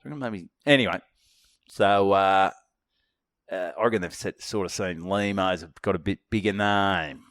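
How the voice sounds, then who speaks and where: A middle-aged Australian man co-hosting a podcast, telling stories in a casual, animated way and swearing often. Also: low-pitched, moderate pace, dry recording, clean studio sound. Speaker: podcast co-host. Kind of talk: casual chat.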